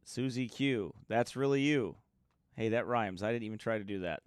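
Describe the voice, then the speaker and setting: A man's voice: on the low side, moderate pace, smooth, no echo, studio quality. A man, a pastor from the United States, chatting casually and joking with livestream viewers before his sermon. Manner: chatty, joking, reads viewer names aloud.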